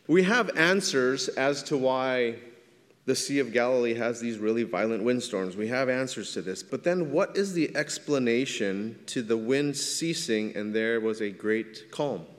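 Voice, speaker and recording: A man's voice: mid-range voice, lively intonation, a little slow. Conversational male preacher in a reverberant hall. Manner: conversational preaching, frequent "right?" asides. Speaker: pastor. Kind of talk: sermon. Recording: long reverb of a large hall.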